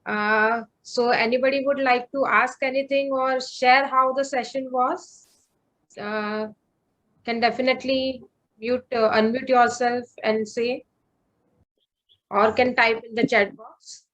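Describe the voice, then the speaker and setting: A woman's voice: a little high, steady tone, measured pace. A woman hosting an online session, friendly and thanking participants by name. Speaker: session host. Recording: dull lo-fi call audio.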